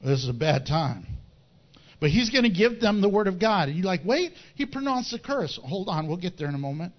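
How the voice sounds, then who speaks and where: A man preaching a sermon with animated delivery, chuckling at his own wordplay. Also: fairly high pitch, a little fast, highs cut off. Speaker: pastor.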